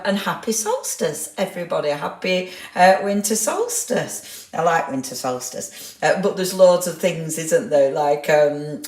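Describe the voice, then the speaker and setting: Woman, chatty live-stream host, low voice, echoey room, laughs a lot. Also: a little mellow. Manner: chatty, reads out viewer comments, laughs often. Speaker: craft livestream host. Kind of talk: casual live-stream chat. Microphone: clip-on microphone. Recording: roomy echo.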